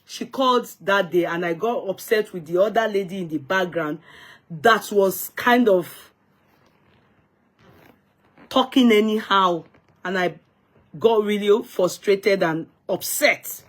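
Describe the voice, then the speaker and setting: A Nigerian woman with a mid-range voice hosts an unscripted live stream. She talks emphatically, scolds, restarts her words, and greets viewers by name.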